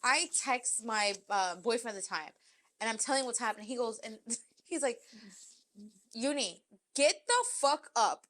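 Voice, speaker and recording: A young woman co-hosts a casual podcast, telling a wild story with animated energy. Her voice sits a little high and she swears freely as she acts out what people said. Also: moderate pace, a little hiss or hum. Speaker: podcast co-host.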